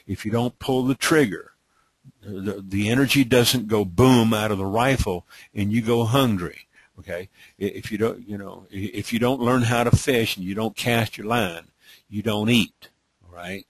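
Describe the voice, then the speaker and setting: A man's voice: lowish voice, normal speed, breathy edge, no echo. A middle-aged man from Texas with a light Texas accent hosts a live training webinar, talking in a drawling, repetitive way and often asking "okay?". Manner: repetitive, drawling, many "okay?" check-ins. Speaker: webinar host.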